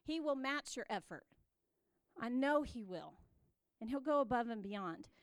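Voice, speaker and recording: A high-voiced woman speaks from the front of a church in an earnest, exhorting teaching style. She repeats her key phrases for emphasis and the sound stays close and dry. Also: expressive, measured pace, no room sound.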